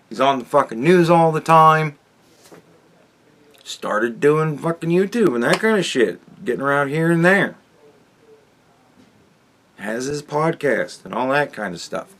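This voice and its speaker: A man's voice: on the high side, lively intonation, a little slow, fairly bright tone. A man hosting his own commentary show, talking bluntly with lots of swearing and frequent restarts. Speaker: podcast host. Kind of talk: casual commentary monologue.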